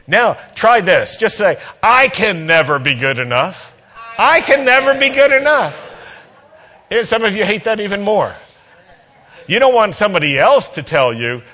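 Animated, lively-voiced male preacher. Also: on the high side. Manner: animated storyteller, acts out dialogue, playful. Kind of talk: sermon with a personal story.

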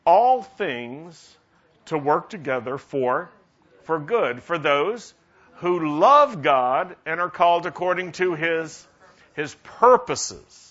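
A male pastor preaches a sermon, stopping often to put questions to his congregation. His voice is bright and forward. The recording sounds dull and lo-fi. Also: on the high side, animated, slow pace.

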